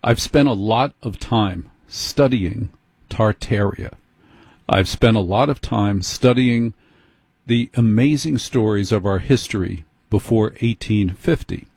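A man hosting a show, speaking in a measured, emphatic monologue and listing things one by one. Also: fairly low pitch, darkish tone, husky, dry recording. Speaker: host. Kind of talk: slow deliberate monologue.

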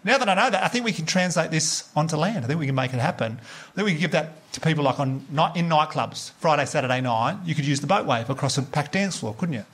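A man's voice: on the high side, animated, quick pace, fairly bright tone. A man with an Australian accent doing a stand-up comedy set in a club, telling chatty stories and teasing the crowd on a handheld mic. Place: comedy club stage with live audience.

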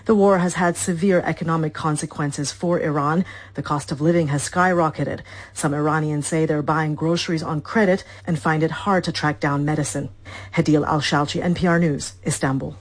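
A woman reporter delivering a scripted news report in a measured way. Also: low-pitched, fairly even intonation.

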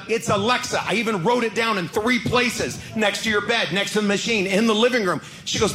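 A man telling a stand-up story quickly, with exasperated energy. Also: high-pitched, animated, background noise. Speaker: stand-up comedian. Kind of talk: stand-up comedy set.

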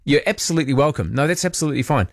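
A man hosting an overnight talk radio show, reading listener messages in a relaxed, chatty, self-deprecating way. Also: fairly high pitch, racing, no room sound, clean studio sound. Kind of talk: late-night radio, reading listener texts. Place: radio studio. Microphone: studio microphone.

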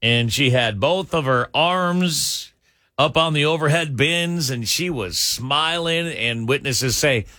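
A male radio host telling a funny news story with animated asides to his listeners. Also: a little high, slow, no room sound, clean studio sound. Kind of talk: comedic radio news banter.

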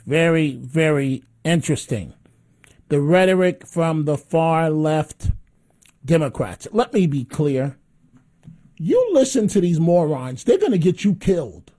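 A man with a fairly high voice hosts a call-in radio show. He talks in a combative, mocking way and repeats his jabs for effect. He sounds like a seasoned on-air regular. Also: big pitch swings, measured pace, dark tone. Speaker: talk radio host.

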